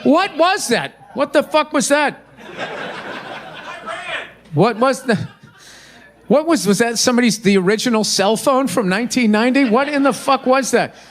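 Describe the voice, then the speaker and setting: A man with a high, reedy voice rants through a stand-up set, swearing freely and mocking everything in sight. He performs before a live audience, and his tone is sarcastic and exasperated. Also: animated, normal speed, pauses often. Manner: ranting, profane, mocking. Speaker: stand-up comedian. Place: live comedy venue with audience.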